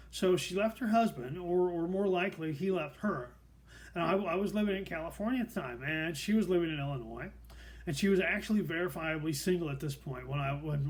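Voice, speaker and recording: Dry-humored middle-aged man telling a story. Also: on the high side. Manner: dry, wry and self-deprecating. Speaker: host. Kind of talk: personal storytelling monologue.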